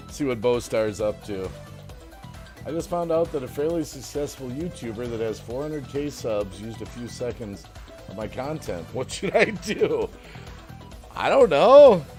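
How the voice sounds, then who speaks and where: Man hosting a casual chat stream, reads comments aloud, laughs a lot, mid pitch, faint music underneath. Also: lively intonation, normal speed, a little mellow. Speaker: livestream host.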